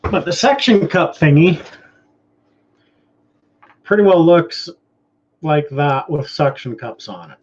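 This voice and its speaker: Taking it slowly with long pauses, a Canadian man in a slightly high, animated voice hosts a casual live-stream chat. He rambles in a laid-back manner, trailing off and restarting sentences. Recording quality is dull lo-fi stream audio.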